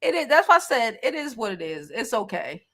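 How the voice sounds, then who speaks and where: A woman in her thirties hosting a casual livestream, animated and quick to laugh. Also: fairly high pitch. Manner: slow, animated, laughs often. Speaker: livestream host.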